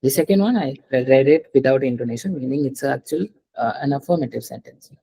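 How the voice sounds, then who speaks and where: A patient language teacher walks through each example and repeats it. The voice is dark and mellow, with a husky edge. The teacher keeps checking whether the student follows. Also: mid-range voice, fairly quick, rough recording. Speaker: French teacher. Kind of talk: live online language lesson.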